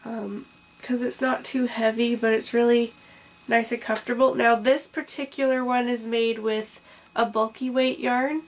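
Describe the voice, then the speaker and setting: A woman's voice: fairly high pitch, fairly even intonation, a little slow. A young woman hosting a casual crochet vlog. She rambles with lots of ums and restarts, a little under the weather with hiccups. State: has hiccups and a cough, taking it slow. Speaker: crochet podcast host.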